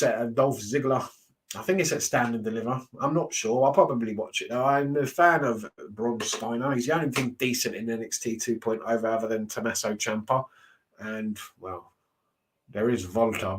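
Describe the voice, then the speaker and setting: A man, casually reacting to wrestling shows, blunt and ranting, swearing freely. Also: medium pitch.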